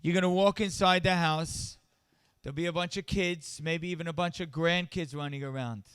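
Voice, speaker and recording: A middle-aged male rabbi delivers a storytelling speech at a charity event, his voice high and notably clear. He builds from quiet anecdotes to impassioned emphasis. The sound is dry and close, with no room echo. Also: fairly even intonation, moderate pace.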